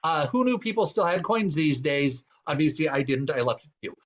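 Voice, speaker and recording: A man's voice: a little high, lively intonation, normal speed, dull audio, slight background noise. A man hosting an online improv comedy game, explaining rules with plenty of fillers. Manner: rambling, many fillers. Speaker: improv show host.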